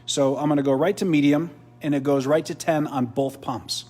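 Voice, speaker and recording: A man's voice: a little high, steady tone, normal speed, a little mellow. A man hosting a live product demo beside a swim spa, chatty, explaining as he goes with restarts. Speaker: host and triathlon coach.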